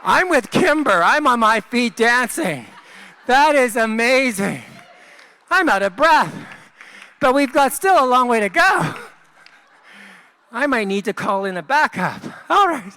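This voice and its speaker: A man's voice: very high-pitched, expressive, pushed and bright, clean tone. A man hosting a live gala fundraiser on a handheld mic, rallying the room and calling out paddle numbers and donation amounts. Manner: upbeat, rallying, reads paddle numbers in slow, drawn-out calls. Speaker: gala host running a fundraising paddle raise. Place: gala event room with guests. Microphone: handheld microphone.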